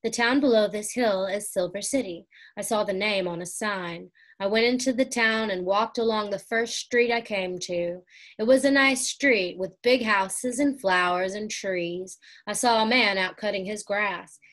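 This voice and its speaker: A kind, eager older boy in a storybook, as a woman reading aloud puts him on. He sounds cheerful and proud, his voice lifting on the exciting bits of his news. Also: mid-range voice, a little slow.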